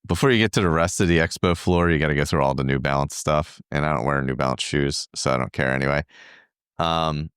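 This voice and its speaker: Deep-voiced man telling a rambling story. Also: fairly quick, fairly bright tone, smooth, dry recording, studio quality. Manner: rambling, filler-heavy storytelling. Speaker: podcast co-host. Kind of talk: casual chat.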